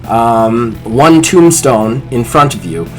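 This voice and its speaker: A man's voice: mid-range voice, sing-song, slow pace, faint music behind, poor audio. A man acting as game master, narrating a tabletop role-playing game in a casual way, with fillers.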